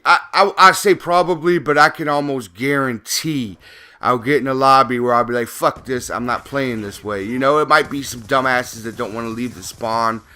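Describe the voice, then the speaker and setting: A man's voice: medium pitch, steady tone, normal speed, pushed and bright, clean tone. A man, a gaming YouTuber, talking in a casual, profane, rambling rant over gameplay commentary.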